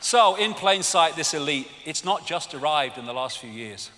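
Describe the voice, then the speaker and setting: High, bright English man lecturing. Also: moderate pace, a little hiss or hum. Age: 60s. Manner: animated, sarcastic, sweary. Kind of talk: live stage talk. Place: large arena stage. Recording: arena hall reverb with faint crowd.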